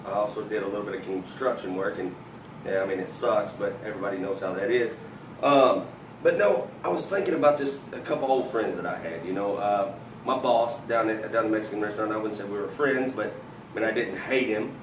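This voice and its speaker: A man's voice: lowish voice, brisk, a little hiss or hum. A man telling stand-up stories in a rambling way, with many fillers and restarts. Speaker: comedian. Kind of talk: stand-up storytelling. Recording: roomy, from a distance.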